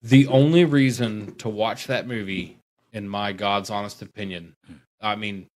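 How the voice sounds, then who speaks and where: Chatty man with a low voice. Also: unhurried. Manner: rambling, animated, mocking impressions. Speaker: podcast guest; tattoo artist. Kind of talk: casual podcast chat.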